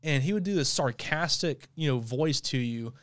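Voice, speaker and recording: Animated laughing man telling a story. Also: medium pitch, normal speed. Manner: animated, laughing, stumbles and repeats words. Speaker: podcast co-host. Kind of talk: casual storytelling.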